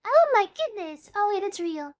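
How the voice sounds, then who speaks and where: A woman's voice: very high voice, very animated, normal speed. A woman VTuber chatting casually on a live stream, bubbly and talkative, dropping playful meows between sentences.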